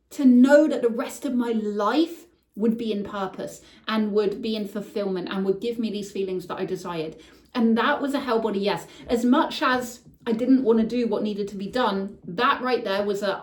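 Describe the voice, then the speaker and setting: A woman's voice: fairly high pitch, normal speed, a little mellow. Candid woman telling her story. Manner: candid, emotional, swears casually. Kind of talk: personal storytelling monologue. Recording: echoey room, voice somewhat far from mic.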